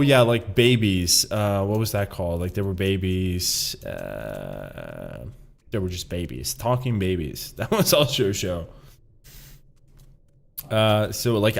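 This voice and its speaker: A man with a Swedish accent reacts on stream, loud and incredulous, with frequent swearing. His pitch swings widely from low mutters to sharp outbursts. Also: vocal fry. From Sweden. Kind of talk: reaction commentary.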